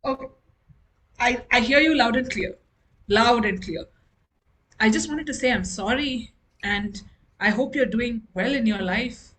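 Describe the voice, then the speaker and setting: A woman's voice: fairly high pitch, unhurried, long pauses, a bit bright, a little hiss or hum, poor audio. A woman improv comedian playing a flustered woman seeking closure with her exes, nervous and stammering, over a video call. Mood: apologetic. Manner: nervous, stammering, giggly apologies.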